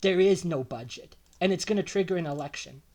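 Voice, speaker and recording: A young man rants about politics, his voice pitched unusually high for a man. He talks in a heated, emotional torrent, circling back on the same words and sliding into sarcasm. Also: a little fast, a little mellow. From Alberta, Canada. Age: young adult. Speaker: political vlogger. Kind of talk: impassioned political rant.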